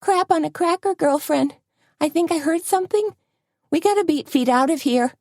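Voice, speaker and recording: A woman's voice: sits high, moderate pace, dark tone, no echo, clean studio sound, voice pushed up. A woman voicing a nervous, easily spooked young woman friend in an audiobook, talking in urgent, breathless bursts. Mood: frightened. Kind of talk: audiobook character voice.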